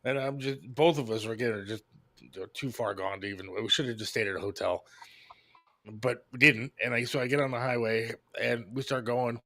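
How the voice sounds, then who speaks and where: A man hosts a talk show and tells a rambling anecdote in a relaxed, mid-pitched voice. He swears freely and laughs through the story. The sound is dry and close to the mic. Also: a little fast, no echo. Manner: loose, profane, laughing anecdotes. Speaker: radio show host. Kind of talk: casual storytelling chat.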